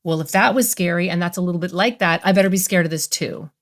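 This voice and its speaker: On a conversational podcast interview, a woman therapist appears as a guest, explaining ideas animatedly and fast. She acts out inner voices with playful jumps in pitch.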